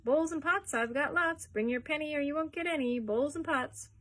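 Cheery male peddler with sing-song folksy patter, put on by a woman storyteller, slightly husky. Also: on the high side, animated, moderate pace. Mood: jolly.

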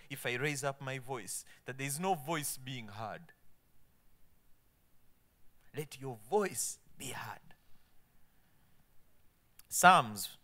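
A man preaching a sermon, quoting scripture emphatically and dropping to soft asides. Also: medium pitch. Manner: emphatic, swinging between loud proclamation and soft asides.

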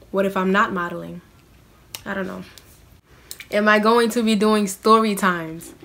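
A young woman from New York City chats in a casual Q&A vlog, her mid-range voice fairly bright. She pokes fun at herself and sprinkles "like" throughout.

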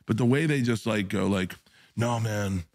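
A man's voice: lowish voice, fairly quick. A man who is a comedian guest, chatting casually on a podcast and telling profane, enthusiastic stories while acting out the voices. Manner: animated storyteller, acts out voices.

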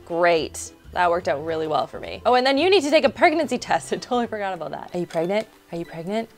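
A woman's voice: medium pitch, big pitch swings, fast talker, faint music behind. A young woman hosting a let's-play, chatting in a bubbly way and talking to her game characters. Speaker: gaming channel host.

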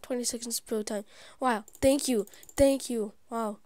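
A woman hosting her gaming channel, giving live gameplay commentary; excitable and easily frustrated, she often drops into whispered asides. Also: on the high side, measured pace, no echo, studio quality. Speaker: YouTube gaming channel host.

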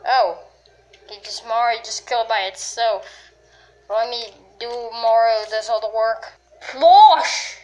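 A woman commenting on a game she is playing, excitable and full of yelps and exclamations. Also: fairly high pitch. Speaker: gamer. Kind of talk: let's play commentary.

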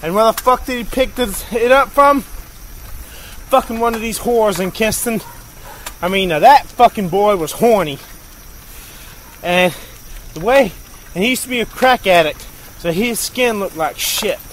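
This is a man with a high-set voice who talks in a blunt, rambling, profane way. He is recorded from inside a car at night. Crickets and road noise sit clearly under his voice. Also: measured pace, long pauses, rough recording. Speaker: vlogger. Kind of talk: casual profane rant while driving around.

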